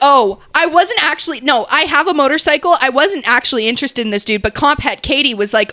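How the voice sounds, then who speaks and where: High-voiced animated young woman storyteller. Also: a little fast, few pauses. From Canada. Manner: animated, laughing, acts out quotes. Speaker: podcast co-host. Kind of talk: casual storytelling chat.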